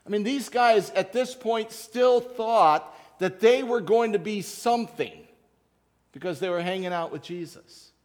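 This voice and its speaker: A man preaching a conversational sermon, acting out Bible characters in quick asides. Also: sits high. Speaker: pastor.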